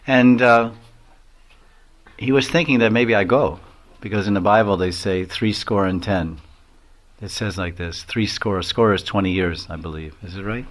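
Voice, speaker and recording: A man's voice: on the low side, normal speed. A man giving a devotional lecture as a swami. He tells stories in a rambling way, with many chuckles and acted-out quotes.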